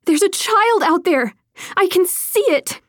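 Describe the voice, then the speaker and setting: A woman reading an audiobook voices an urgent, demanding young woman traveler in a raised, higher voice. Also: very animated, unhurried, no room sound, clean studio sound. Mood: alarmed.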